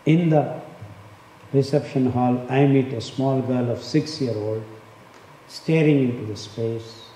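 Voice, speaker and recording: An older man, pressing his points hard and repeating words for emphasis. His voice is mellow and low-toned. It rings through a large, echoing hall. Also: fairly even intonation, takes it slowly. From India. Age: 60s. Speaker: speaker on diet and health. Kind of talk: impassioned talk. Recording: echoey hall, faint background noise.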